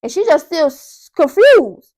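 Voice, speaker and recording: A young woman with a high voice hosts her own podcast. She tells a story in a loose, animated way and keeps talking straight to her listeners. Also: unhurried. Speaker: podcast host. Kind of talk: casual monologue.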